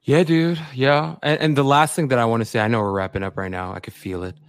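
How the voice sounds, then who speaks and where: A man co-hosting a sports podcast, talking in an excitable, rambling way with lots of "like" and "bro". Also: medium pitch, fast talker, smooth, dry recording. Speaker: podcast co-host. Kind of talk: casual sports podcast chat.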